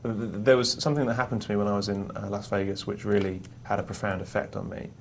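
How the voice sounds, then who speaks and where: Male co-host, lowish voice, thoughtful explainer, faint hiss behind. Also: level tone, quick pace, vocal fry. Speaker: poker show co-host. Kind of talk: live on-air poker talk.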